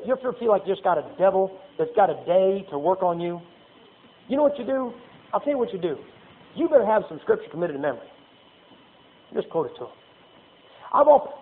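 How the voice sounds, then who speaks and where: High-voiced preacher on a tinny line. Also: male voice. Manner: folksy preaching with Bible readings and acted asides. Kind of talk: sermon. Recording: tinny phone-like sound.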